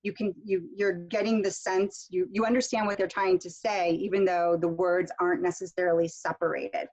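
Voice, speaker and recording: A woman's voice: lowish voice, flat delivery, normal speed, a little mellow, lo-fi sound. A woman instructor leading an online pronunciation workshop, demonstrating intonation with example sentences and a casual, filler-heavy manner that checks in with "okay?".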